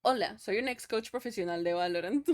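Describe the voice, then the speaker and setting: A woman's voice: medium pitch, fairly quick. A young woman streaming live, chatting loosely with her viewers, laughing often and swearing casually.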